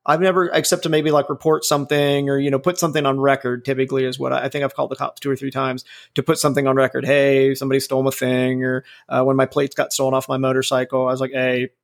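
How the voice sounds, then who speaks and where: A man's voice: mid-range voice, level tone, racing, creaky, few pauses. A man in his forties giving his opinions in casual talk, blunt and profane, rambling with frequent restarts. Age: 40s.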